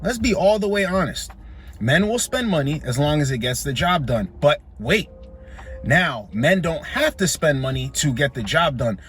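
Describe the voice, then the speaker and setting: A man's voice: fairly high pitch, animated, normal speed, a bit bright, faint music behind. A man giving blunt, preachy reaction commentary who repeats his points for emphasis.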